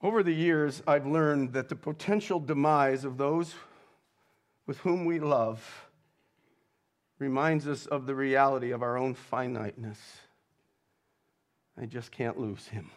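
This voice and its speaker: A male pastor delivering a sermon in a measured, reflective way, reading quotations with feeling. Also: mid-range voice. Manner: slow, measured preaching with dramatic readings of quotes.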